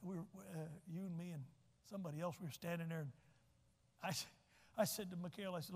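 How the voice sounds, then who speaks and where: A man, preaching a sermon as pastor, folksy, joking asides and repeating his points slowly. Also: a little high. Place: church sanctuary. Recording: long church reverb.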